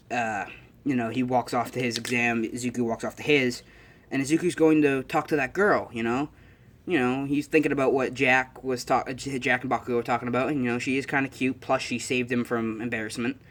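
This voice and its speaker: A young man talks through a fan story idea in a loose, rambling way. He fills his speech with fillers and often corrects himself. His voice is middle-pitched and ordinary for a man. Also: fairly bright tone.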